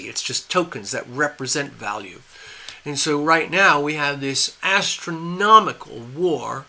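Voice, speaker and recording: Older man, live-stream host, opinionated, rambling, restarts, higher voice. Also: bright, forceful tone. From USA.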